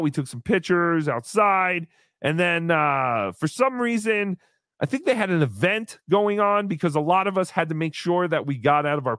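A man hosting a live show, telling a story in casual chat with animated, exasperated swearing. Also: on the high side, no echo, clean studio sound. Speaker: podcast host.

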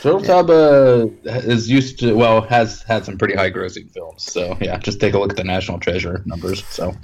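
A man's voice: low voice, little pitch movement, a little fast, gravelly. A man co-hosting a film review podcast in casual chat, rambling, self-deprecating and laughing often. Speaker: podcast co-host.

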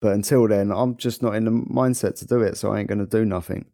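A man's voice: fairly low pitch, steady tone, quick pace, creaky, warm tone, no echo, studio quality. A young man with a London accent, co-hosting a podcast in easygoing, jokey chat. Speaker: podcast co-host. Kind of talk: casual chat.

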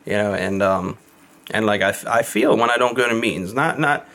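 A man's voice: lowish voice, normal speed, pushed and bright. Laid-back man rambling about recovery. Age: adult with kids. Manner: rambling, filler-heavy, swears casually. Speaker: podcast guest in recovery. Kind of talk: casual chat.

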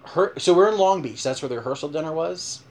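Casting: chatty podcast man, slightly high voice, animated storyteller. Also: fast. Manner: animated, rambling, full of "like". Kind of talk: casual storytelling chat.

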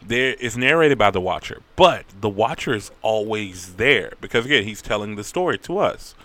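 Rambling, profane guy with a bright voice. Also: lowish voice, expressive, normal speed. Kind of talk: casual story recap.

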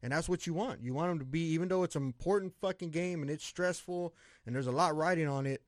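A man talks football in a loose, excitable way, swearing freely and tripping over repeated words. His voice sits a little high for a man. The sound is dry and close, with almost no room around it. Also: quick pace, no echo. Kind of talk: casual sports chat.

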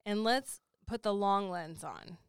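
A woman's voice: medium pitch, a little slow, gravelly, clear, resonant tone, no room sound, clean studio sound. A woman in her forties co-hosting a casual chat. She laughs easily and rattles off lists. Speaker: podcast co-host.

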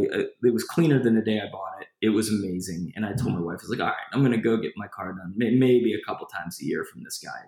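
A man's voice: on the low side, gravelly. A man telling a personal story in a casual interview, rambling and restarting his sentences as he goes. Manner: lively retelling of a personal story. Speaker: guest. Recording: echoey room.

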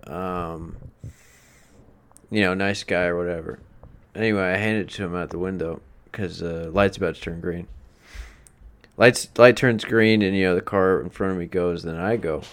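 A man's voice: sits low, moderate pace, clear, resonant tone. A man co-hosting a podcast, sarcastic and teasing in casual banter. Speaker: podcast co-host.

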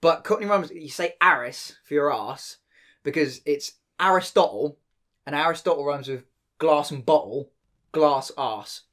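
Sweary English man, slightly high voice. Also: unhurried, a bit bright. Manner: sweary, rambling storyteller. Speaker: podcast co-host. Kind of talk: casual chat.

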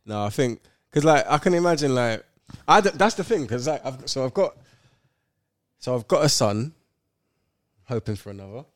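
A relaxed man in his thirties talking loosely, full of slang and fillers. His voice is recorded close and dry, with no room around it, and his pitch sits in the middle. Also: moderate pace, long pauses, dry recording. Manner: laid-back, slangy, lots of fillers. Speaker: podcast co-host. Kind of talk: casual chat.

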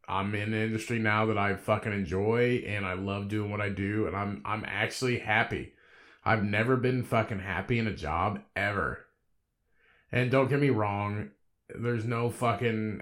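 A man in his thirties talking alone on his podcast with a somewhat low voice. He rambles in a laid-back, conversational way, swears nearly every sentence and breaks into laughs. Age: 30s. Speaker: podcast host. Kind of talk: solo podcast monologue.

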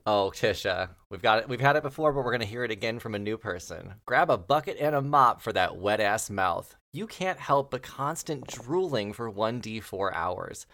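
A man's voice: fairly low pitch, moderate pace, few pauses. A man acting as game master, describing rolls and effects in a theatrical way. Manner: animated, theatrical. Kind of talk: running a tabletop game.

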